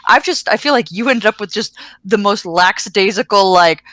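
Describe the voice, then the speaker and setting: A woman co-hosting a podcast, chatting earnestly in a relaxed, talkative way. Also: medium pitch, moderate pace, dry recording. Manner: earnest, chatty, many "like" fillers. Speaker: podcast co-host. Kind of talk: casual chat.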